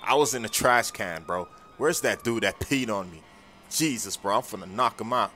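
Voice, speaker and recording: Man, excitable slangy storyteller, lively pitch, bright tone. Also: normal speed, slight background noise. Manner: excitable, slangy, often yelling for help. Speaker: narrator and lead character. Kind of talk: voiced game story narration.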